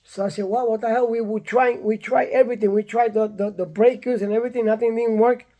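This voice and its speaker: Older puerto rican guy telling his story, blunt and fired up, kinda dark mellow tone. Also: high voice, fast talker. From Puerto Rico. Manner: blunt, animated, repeats himself, acts out quotes. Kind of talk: casual personal storytelling.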